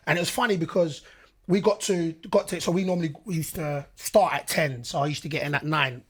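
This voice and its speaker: Male podcast guest, animated storyteller, slightly husky, on the higher side. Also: fairly quick. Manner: animated storyteller, acts out quotes, laughs easily. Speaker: guest footballer.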